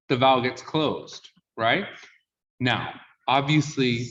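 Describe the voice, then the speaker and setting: In a class on sung diction, the male instructor explains concepts, quizzes his students, and regularly checks in with "yeah?". He speaks at a measured pace in a mid-range, fairly bright voice, captured in distant, dull lo-fi sound.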